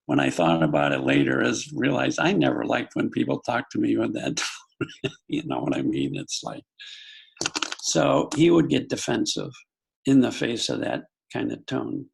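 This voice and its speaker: An older man from the United States talks as an interview guest, working through a personal story in an earnest, unhurried way. His voice is heavily gravelly with a husky edge. He often restarts his sentences and slips into quoted asides. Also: medium pitch, rough recording. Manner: calm, earnest, with self-corrections and quoted asides. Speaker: guest psychologist.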